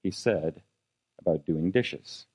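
A man's voice: takes it slowly, darkish tone, husky. Man preaching a conversational sermon. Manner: conversational preaching with congregation questions; fillers and restarts, dynamic pitch and volume. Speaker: pastor.

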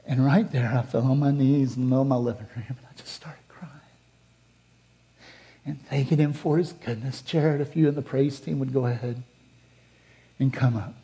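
A middle-aged male pastor preaching a sermon, telling a personal story earnestly, rising to fervent and dropping to hushed. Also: mid-range voice, fairly even intonation, a little fast.

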